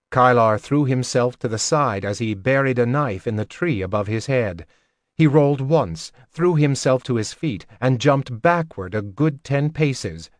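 A man narrates a fantasy audiobook with a measured, even delivery at a middling pitch. The recording is close and dry, with no room sound. Each line is read with steady control. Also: no echo.

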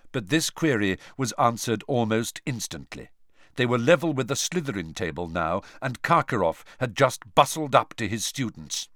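A man narrating an audiobook with expressive storytelling, shifting voices for the characters. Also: mid-range voice, normal speed, no room sound, clean studio sound.

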